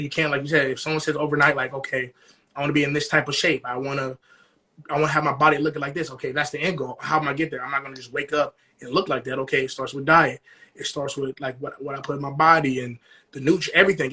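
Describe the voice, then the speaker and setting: A man's voice: on the high side, sharp tone, slightly rough. A young man co-hosting a podcast, chatting casually and animatedly, often asking "you know what I'm saying". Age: young adult. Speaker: podcast co-host. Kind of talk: casual chat.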